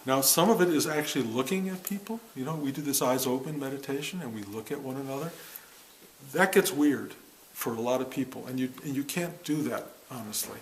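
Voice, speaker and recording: A man over fifty speaks to a meditation class in an even, mid-pitched voice. He talks in a reflective, unhurried way, pausing often and correcting himself mid-phrase. A faint hiss of noise sits behind him. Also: low-quality recording. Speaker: meditation teacher. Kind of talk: spiritual talk to a class.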